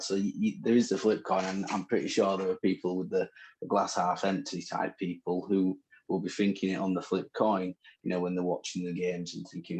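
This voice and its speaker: A man with a northern English accent chats and teases his co-host on a podcast. His voice sits very low with a gravelly, creaky edge. He talks in loose, rambling banter. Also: level tone, a little fast, darkish tone, a little hiss or hum, rough recording. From northern England. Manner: bantering, chatty, teasing. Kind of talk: casual chat.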